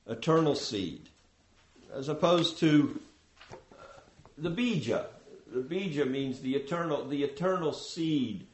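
A man's voice: on the high side, expressive. Man lecturing on scripture, echoey room. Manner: measured, explanatory, with frequent restarts. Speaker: spiritual teacher.

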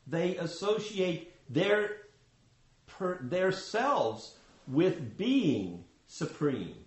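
A man giving a scripture class, explaining in a measured way with frequent restarts. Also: on the high side, very animated, reverberant, rough recording. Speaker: spiritual teacher.

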